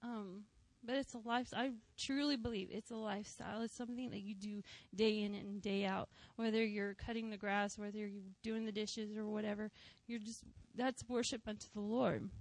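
A woman, a worship leader and mother, giving an earnest personal testimony to a church, with frequent "you know" asides. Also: fairly high pitch. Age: adult, a mother of school-age kids.

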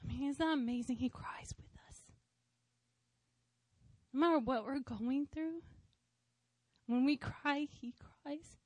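A woman's voice: high voice, moderate pace, a little mellow, no echo. A woman in her thirties sharing a personal testimony in church, heartfelt and conversational with touches of light humor.

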